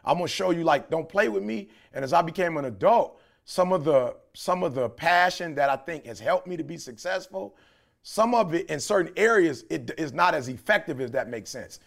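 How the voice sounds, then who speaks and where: A man's voice: a little high, expressive, normal speed, creaky. A middle-aged man from Detroit, a podcast co-host talking in a passionate, preachy way. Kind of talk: casual podcast chat.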